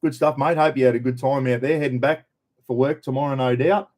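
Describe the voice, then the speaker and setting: A man's voice: mid-range voice, steady tone, brisk, a little mellow. An Australian man hosting a casual live stream, greeting viewers by name in a chatty, laid-back way. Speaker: livestream host. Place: in a caravan on the road.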